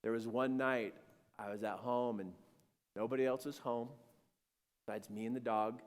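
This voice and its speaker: A man telling a personal spiritual story, animated and acting out scenes, swinging between hushed and shouting. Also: mid-range voice, normal speed, big-room sound.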